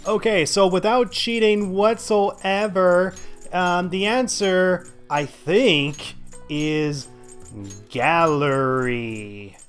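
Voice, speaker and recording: A man's voice: high-pitched, extremely slow, a bit bright, faint music behind. Sarcastic man narrating a video game. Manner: sarcastic, thinks aloud with many fillers. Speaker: let's play host. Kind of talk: casual gameplay commentary.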